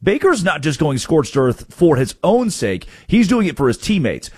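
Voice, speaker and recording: A man hosting a sports talk radio show, arguing fast with lots of stop-start restarts into a studio mic. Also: fairly high pitch, very animated, slightly rough, no echo.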